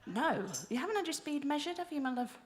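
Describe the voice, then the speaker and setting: Chatty British woman, higher voice. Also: expressive, fast talker. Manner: chatty, self-deprecating, rambling. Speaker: stage co-host. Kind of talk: casual on-stage banter. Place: live music venue.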